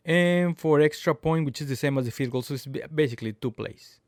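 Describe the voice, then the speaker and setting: A man hosting a podcast, talking in a casual, emphatic monologue with sudden loud outbursts. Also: fairly high pitch, brisk, dry recording, clean studio sound. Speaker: podcast host.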